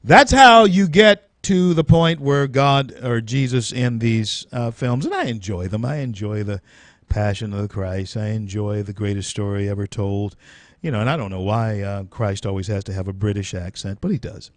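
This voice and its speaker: A man's voice: on the low side, moderate pace, no room sound. A man hosting a live-stream talk show, speaking in an earnest, preacherly storytelling way with frequent restarts. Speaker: host.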